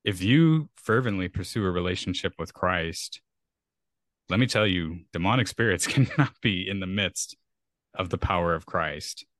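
Earnest deep-voiced man, rambling podcast talk. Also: expressive, moderate pace, fairly bright tone, dry recording, studio quality. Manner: earnest, rambling with frequent restarts. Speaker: podcast co-host. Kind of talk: casual conversational discussion.

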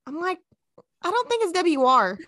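A woman co-hosting a podcast in animated, chatty conversation, laughing often and mimicking how others talk. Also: extremely high pitch, normal speed, no room sound. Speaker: podcast co-host. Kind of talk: casual chat.

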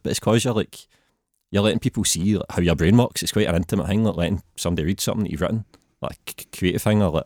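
A man in his thirties with a Glaswegian accent and a very deep voice, chatting casually as a podcast guest and laughing easily. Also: darkish tone, no echo, studio quality. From Scotland. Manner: laid-back, laughs easily. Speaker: guest writer.

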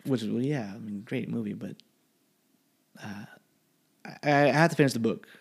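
Young college guy rambling and cussing, casual chat, regular pitch. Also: normal speed, gravelly, breathy edge. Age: young adult. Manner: rambling and profane. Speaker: college student.

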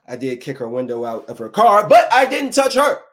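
A young adult man in a casual, preachy rant of dating advice, slangy and animated, slipping into quick mock voices. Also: a little high. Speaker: vlogger giving dating advice.

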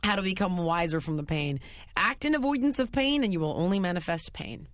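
A woman's voice: lowish voice, expressive, brisk, no echo, studio quality. A woman hosting an advice talk show, speaking bluntly and emphatically in casual chat. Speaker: radio advice show host.

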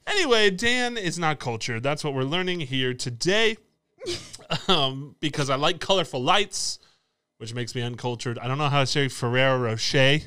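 Smooth-voiced man, playful chat. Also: mid-range voice, animated, moderate pace, bright, forceful tone, no echo. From United States. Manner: playful, laughing, rambling. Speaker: podcast co-host. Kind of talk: casual chat. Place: table indoors with cameras.

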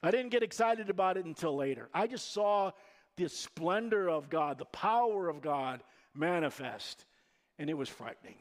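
High-voiced pastor, chatty sermon. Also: male voice, lively intonation, moderate pace. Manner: conversational, anecdotal storytelling.

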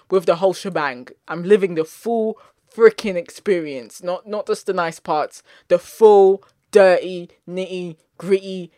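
A woman's voice: on the low side, no room sound, studio quality. A young woman hosting her own show, ranting casually and expressively to her listeners, laughing between lines. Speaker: podcast host.

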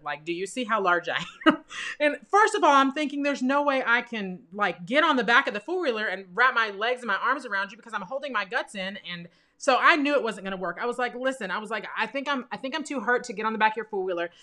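A young woman telling a personal story with laughs, acting out the voices of the people in it. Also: on the high side. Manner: animated, laughs through the telling; acts out quoted voices in her story.

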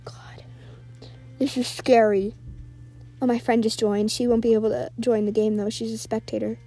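A woman's voice: fairly high pitch, little pitch movement, brisk, mellow. A woman giving live, rambling commentary while playing an online game, nervously narrating every move aloud.

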